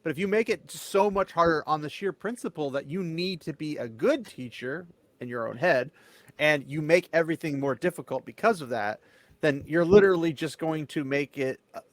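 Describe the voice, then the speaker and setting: Man, casual panel chat, rambling stories, slightly high voice, dry close sound. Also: normal speed, dry recording. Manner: rambling, emphatic storytelling.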